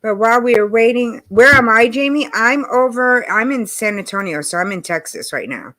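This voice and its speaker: A woman hosting a casual livestream, chatty and greeting viewers by name, her voice hoarse from allergies. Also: fairly high pitch, animated, normal speed, a bit bright. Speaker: livestream host. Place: home in Texas.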